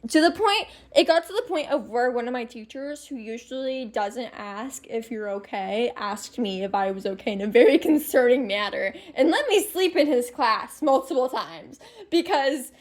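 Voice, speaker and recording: Late-teen girl, high voice, casual storytime vlogger, rambling, giggly, swears freely. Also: lively intonation, moderate pace.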